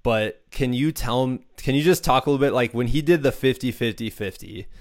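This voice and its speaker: A man's voice: medium pitch, fairly quick, dry recording, clean studio sound. A man hosting a podcast, chatting casually and loosely, often saying "like". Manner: relaxed, heavy use of "like". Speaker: podcast host. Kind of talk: casual chat.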